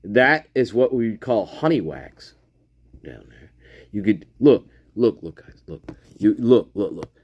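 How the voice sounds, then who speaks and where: A man's voice: on the low side, animated, slow, darkish tone, husky, no echo. A man hosting a casual livestream, talking in a rambling, profane, repetitive way and laughing often. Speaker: livestream host.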